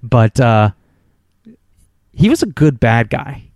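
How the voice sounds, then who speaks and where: Guy with a gravelly voice joking about a movie villain, close dry sound. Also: medium pitch, slow pace, dry recording. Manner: excitable, filler-heavy, laughs a lot. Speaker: podcast co-host. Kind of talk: casual movie review chat.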